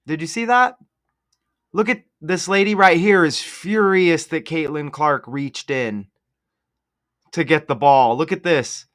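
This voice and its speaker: A man's voice: a little high, unhurried, fairly bright tone. A man hosting a casual video, commenting sarcastically over game footage and laying out number-cipher theories. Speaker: sports commentary video host.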